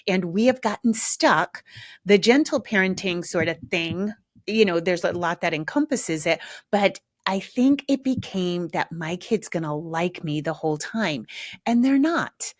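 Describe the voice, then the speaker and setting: A middle-aged woman hosting her own podcast, talking frankly and casually, with lots of asides and slow, emphatic stretches. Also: mid-range voice, dry recording, studio quality. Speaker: podcast host. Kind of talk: casual solo podcast talk.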